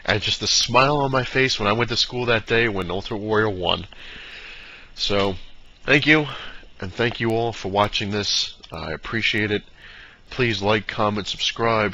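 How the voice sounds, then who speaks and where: A man with a low, sharp voice, a vlogger, spins a long and rambling story about himself, full of fillers and short impressions of those involved, such as quoting his dad. It's recorded in dull lo-fi sound with faint noise.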